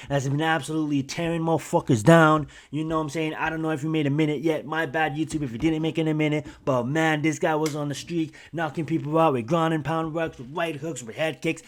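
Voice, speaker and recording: A young man talks straight to his channel's viewers, chatting casually about a fight. He rambles and restarts, piling on fillers and getting excitable as he goes. His voice sits a little on the high side for a man. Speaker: YouTube channel host. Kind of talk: casual fight commentary vlog.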